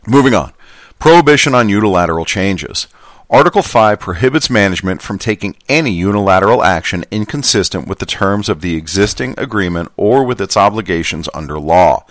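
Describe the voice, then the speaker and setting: A man's voice: low-pitched, a bit bright, dry recording, studio quality. A man hosting a podcast, reading a labor contract aloud and explaining it in a casual, chatty, self-deprecating way. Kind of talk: informal reading with commentary.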